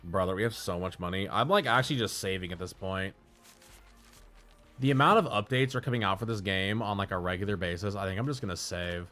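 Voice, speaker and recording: A male streamer with a lowish voice rambles through crude stories between chat asides. He talks in a loose, profane, casual way. Faint music plays behind him. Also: brisk, sharp tone.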